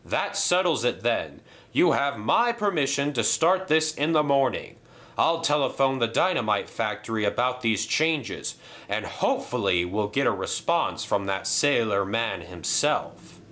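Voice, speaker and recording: A man's voice: medium pitch, big pitch swings, measured pace, fairly bright tone. A man voicing a formal, pompous middle-aged railway controller.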